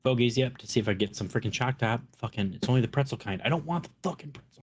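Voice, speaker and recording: A man's voice: medium pitch, quick pace, breathy edge. A man with a Minnesota accent telling stories and chatting casually on a podcast, profane and laid-back. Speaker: podcast co-host. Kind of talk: casual chat.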